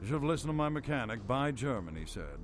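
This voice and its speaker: A man's voice: medium pitch, sing-song, fast, close to an everyday voice. An actor playing a fussy, snooty rich man in a video game, speaking in a prim, complaining upper-class manner. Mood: haughty. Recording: game audio with music behind.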